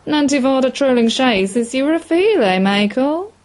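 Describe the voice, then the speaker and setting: A woman's voice: high-pitched, lively intonation, moderate pace, a little mellow, voice pushed up. A woman reading a story aloud, putting on a gossipy old man in a pub who teases in slang. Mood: teasing. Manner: teasing, slangy.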